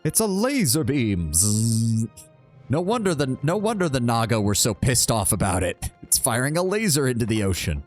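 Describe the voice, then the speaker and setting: A man's voice: medium pitch, very animated, moderate pace, soft background music. A man casually commentating his game playthrough, blunt and chatty, swearing freely and reading dialogue choices aloud. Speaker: streamer. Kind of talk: casual let's-play commentary.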